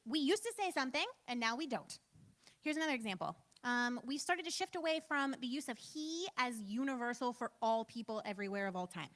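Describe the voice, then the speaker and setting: A woman's voice: on the high side, fairly bright tone. A woman in her thirties giving a casual church training talk, chatty and self-deprecating, with lots of "like" and "um". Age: 30s.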